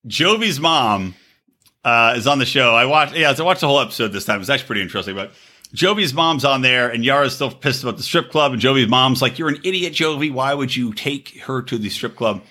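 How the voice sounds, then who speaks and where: A man hosting a podcast, chatting casually and profanely, acting out quotes in high squeaky voices. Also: fast talker. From Los Angeles area. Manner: animated, swearing, acts out quotes in high voices. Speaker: podcast host.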